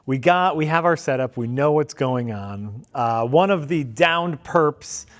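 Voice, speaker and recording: A man's voice: a little high, animated, measured pace. A man co-hosting a casual film review, sarcastic and profane. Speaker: co-host.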